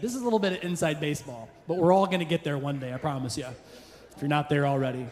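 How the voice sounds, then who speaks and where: A man's voice: a little high, quick pace, darkish tone. A middle-aged man performing a stand-up comedy set, chatty and teasing the crowd with wry asides. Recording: reverberant live room, faint ambience.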